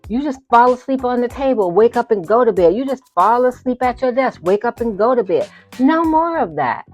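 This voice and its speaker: A woman's voice: a little high, lively intonation, a little fast, faint music behind. A woman hosting a motivational podcast, emphatic and preacherly, repeating phrases for effect and turning playful at times. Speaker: podcast host.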